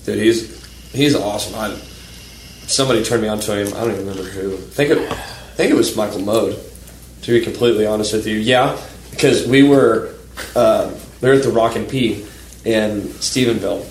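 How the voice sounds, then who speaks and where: Brief: energetic, foul-mouthed guy in loose conversation, roomy sound. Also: on the low side, brisk, a little hiss or hum. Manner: energetic, swearing, joking. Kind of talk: casual podcast chat.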